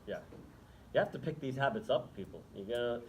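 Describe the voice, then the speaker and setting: A man's voice: mid-range voice, lively intonation, brisk, darkish tone, slight background noise, rough recording. A man giving an Islamic lecture to students, talking conversationally and asking the audience rhetorical questions, then taking questions. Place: lecture room.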